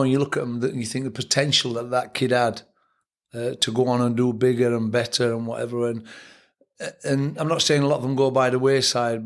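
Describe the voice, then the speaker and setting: Gravelly Sheffield man telling stories. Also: medium pitch. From England. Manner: reflective storytelling, blunt. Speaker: boxing trainer and guest. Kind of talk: casual podcast interview.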